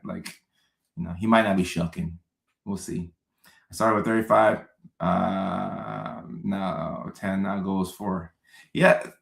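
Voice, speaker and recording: Low-voiced man hosting a chatty livestream. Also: vocal fry, a bit bright, roomy sound. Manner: casual, repeats phrases for emphasis. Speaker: psychiatrist hosting a live stream. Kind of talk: live-stream Q&A, reading chat comments.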